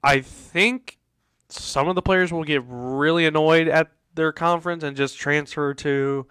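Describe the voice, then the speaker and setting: A man's voice: a little high, steady tone, a little slow, a bit bright, smooth, dry recording. A man hosting a casual sports talk show, ranting in exasperation and repeating himself. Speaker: host.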